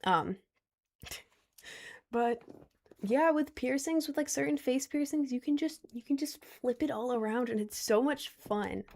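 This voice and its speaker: A woman's voice: sits high, a little slow, pauses often, a little mellow. A woman of twenty chatting casually on a stream, answering viewer questions in a rambling, giggly way with lots of restarts. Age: 20s.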